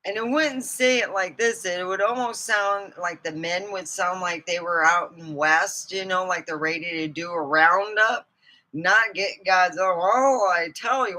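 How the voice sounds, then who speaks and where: A woman's voice: mid-range voice, bright, forceful tone, rough recording. A woman vlogger in casual chat, rambling and laughing as she talks. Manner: rambling, chatty, laughs often.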